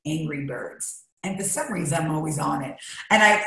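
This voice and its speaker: Woman talking real emotional, kinda rambly, low voice in a super echoey room. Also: normal speed, vocal fry, fairly bright tone. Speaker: interview guest. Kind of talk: candid interview.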